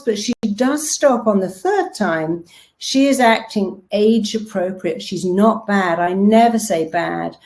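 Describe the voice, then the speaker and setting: A woman, a therapist giving a lively motivational talk and acting out quotes as she tells stories. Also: medium pitch, a little slow. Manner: lively storytelling with acted-out quotes. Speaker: therapist and self-help speaker.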